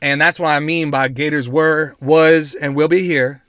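A man hosting a podcast, reading news stories aloud and riffing on them in a joking, profane, animated way. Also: on the high side, moderate pace, dry recording, studio quality. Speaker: podcast host.

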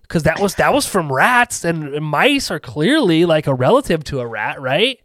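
A man's voice: on the high side, big pitch swings, moderate pace, few pauses, a bit bright, no echo. A man telling a long rambling anecdote in casual podcast chat, full of asides and restarts. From rural US.

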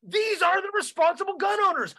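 A comedian co-host in casual podcast talk, animated and profane as he rants. His voice runs high and bright, with a sharp, forceful edge. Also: fairly quick, gravelly.

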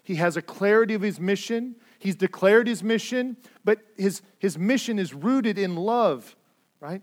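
A man preaching a sermon as pastor, earnest, repeating words as he stresses points and swinging between loud and hushed delivery. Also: sits high, expressive, unhurried.

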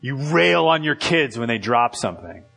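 A man preaching a sermon as pastor, in a loose conversational way full of "like" and quick restarts. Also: medium pitch, animated, creaky, bright, forceful tone.

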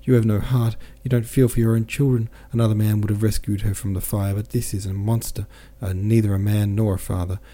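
A man reading the part of a distraught middle-aged mother who pleads and scolds in a higher, louder voice. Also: little pitch movement, moderate pace, hardly any pauses, natural voice. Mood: angry. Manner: pleading, frantic, then scolding.

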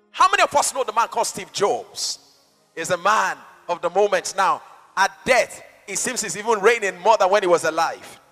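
A male pastor preaching a sermon to a congregation, dynamic and rhetorical, swinging from shouts to soft asides. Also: sits high, animated, normal speed, in a large hall, soft background music.

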